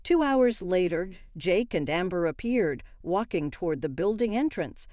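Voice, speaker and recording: Low, mellow woman narrating. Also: animated, measured pace, no room sound, clean studio sound. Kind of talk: first-person story narration.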